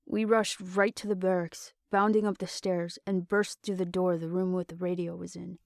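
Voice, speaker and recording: Gravelly woman narrator, steady reading, dry close sound. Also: on the low side, moderate pace, dry recording. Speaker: audiobook narrator. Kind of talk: storybook narration.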